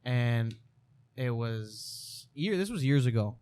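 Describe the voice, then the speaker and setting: A man's voice: mid-range voice, lively intonation, slow pace, a little mellow, clear, resonant tone. A man hosting a podcast, telling a spooky story in a casual chat, swearing and restarting his sentences. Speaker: podcast host.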